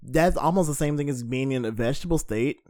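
A man's voice: medium pitch, fast, a little mellow, no room sound, studio quality. A man co-hosting a podcast, chatting casually about a movie with lots of fillers and laughs. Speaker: podcast co-host.

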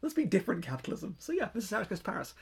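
A man's voice: high voice, huge pitch swings, very fast, gravelly, breathy edge. A man co-hosting a film podcast, chatting casually in a rambling, playful way and feeling lethargic from covid. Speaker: podcast co-host.

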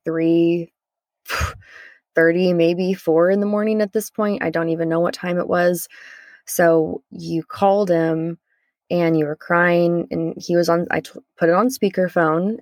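Low voiced woman podcaster rambling thru a story, super dry mic. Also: no room sound. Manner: candid, rambling with restarts. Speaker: podcast co-host, lifelong friend. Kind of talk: casual recounting conversation.

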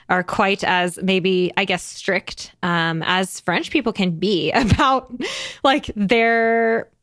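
A woman's voice: medium pitch, very slow, no room sound. Chatty woman podcast host, dry sound. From United States. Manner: chatty, animated, laughs often, many fillers. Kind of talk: casual conversation.

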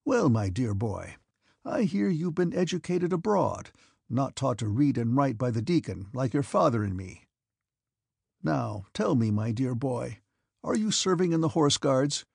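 A man reading the part of a cranky, abrupt old prince with sharp, mocking outbursts. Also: mid-range voice, big pitch swings, unhurried, creaky, slightly rough, no room sound, clean studio sound, exaggerated voice. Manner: barking, mocking, piercing outbursts.

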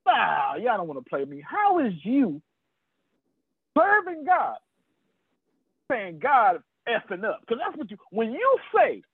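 Brief: man, husky, preacher-style sales trainer, wildly swinging pitch, tinny video call audio. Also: huge pitch swings, takes it slowly, long pauses, no room sound. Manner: fiery, talks straight to listeners by name, swears. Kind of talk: animated preacher-like teaching.

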